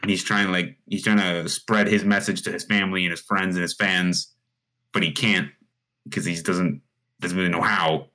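A man's voice: low voice, fairly even intonation, pushed and bright. A man co-hosting a casual music podcast, rambling through his take with many fillers and restarts. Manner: rapid, rambling, lots of "like" and restarts. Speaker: podcast co-host. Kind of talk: casual music review chat.

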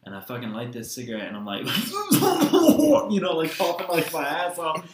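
A man's voice: fairly high pitch, animated, fast, reverberant, a crowd in the background. A young man hosting a podcast, telling a long story in casual chat, swearing often and wandering between tangents. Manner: profane, rambling storytelling. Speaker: podcast host.

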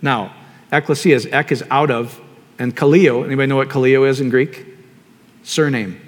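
A man preaching a sermon in a relaxed, conversational way, often asking the audience questions. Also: medium pitch, normal speed. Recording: long hall reverb.

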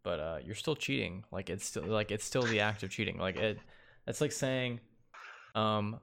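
A man's voice: fairly low pitch, normal speed, a bit bright, smooth. A man co-hosting an esports podcast, talking in a laid-back way with lots of ums and easy laughs. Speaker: podcast co-host. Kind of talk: casual esports podcast chat.

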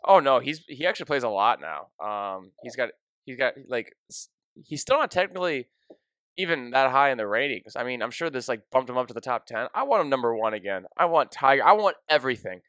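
A young man hosting a podcast, telling an emotional story in a casual, excitable way, full of "dude" and "like.". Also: medium pitch, a little fast, no echo. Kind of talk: casual chat.

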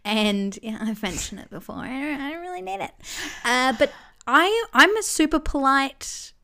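A woman's voice: high-pitched, expressive, moderate pace, sharp tone. A woman co-hosting a podcast, chatting casually with wry, teasing banter. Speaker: podcast co-host. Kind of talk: casual chat.

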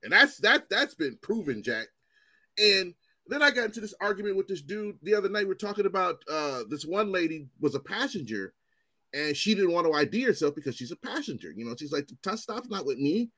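A man in his forties tells stories in a loose, swearing ranting style, his voice leaping up and down as he acts out what others said. He sits slightly high for a man. The sound is dry and close, with no room to it. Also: brisk, dry recording. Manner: animated, profane, acts out quotes in raised voices. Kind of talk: casual chat, storytelling.

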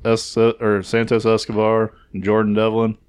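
A man's voice: on the low side, completely flat delivery, normal speed, darkish tone, clear, resonant tone, no echo. A man in casual chat about wrestling, laid back and full of fillers as he recaps the week's news.

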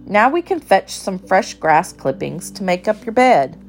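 A woman voicing a timid, homesick little male country mouse in a storybook, speaking gently and plaintively. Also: mid-range voice, very animated, a little slow, soft background music. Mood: cheerful.

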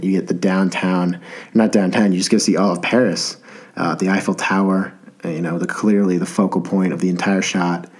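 Low husky man rambling on a podcast. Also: darkish tone. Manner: rambling, self-deprecating, enthusiastic. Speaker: podcast host. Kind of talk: casual podcast monologue.

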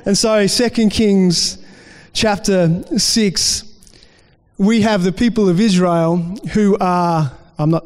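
A man with a high voice preaches to his congregation, chatty and loose, restarting phrases as he talks them through. His voice rings out with a long hall reverb behind it. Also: fairly even intonation, slow pace, clear, resonant tone. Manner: conversational preaching with restarts and acted-out quotes. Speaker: pastor. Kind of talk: sermon.

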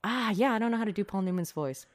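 A woman's voice: mid-range voice, expressive, fast talker. A woman co-hosting a podcast in casual chat, giggling often, on a studio mic with a pop screen. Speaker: podcast co-host.

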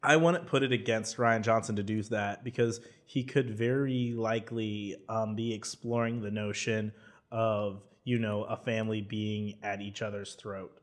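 A young man co-hosting a movie podcast, talking excitedly and rambling, laughing often. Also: fairly low pitch, a little slow. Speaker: podcast co-host. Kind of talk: casual chat about movies.

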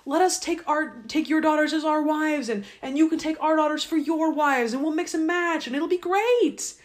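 A woman's voice: high-pitched, normal speed, voice pushed up, close to an everyday voice. A woman voicing a pleading older father who coaxes eagerly to strike a deal. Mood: coaxing. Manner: coaxing, repeating please.

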